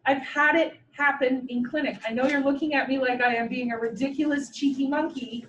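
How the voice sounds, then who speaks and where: Vet tech instructor, woman, high pitch; blunt, joking, emphatic classroom lecturing; far, roomy mic. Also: steady tone, a little fast, a bit bright, lo-fi sound, slight background noise. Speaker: veterinary technician instructor. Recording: echoey room, mic far away.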